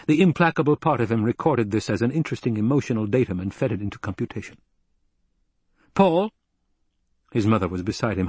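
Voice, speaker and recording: A man narrating an audiobook in a measured, dramatic storytelling manner with a husky voice. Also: fairly low pitch, no room sound.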